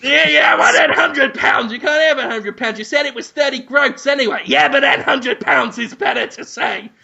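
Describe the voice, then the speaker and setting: A man playing a whiny, pushy male client who shouts demands for money. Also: very high-pitched, moderate pace, creaky, muffled recording, pitched above the performer's own voice, heavily acted. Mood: whining.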